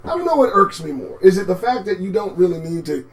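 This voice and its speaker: A man hosting a live commentary show, talking in a sarcastic, profane way and swinging from low mutters to sudden shouts. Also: big pitch swings, fast. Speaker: host.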